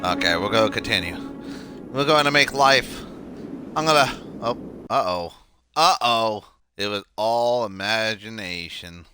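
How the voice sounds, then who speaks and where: Male streamer, slightly low voice, mutters his gameplay commentary, breaks into outbursts. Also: unhurried, over music. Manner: muttering to himself, drifting between mumbles and sudden outbursts, swears.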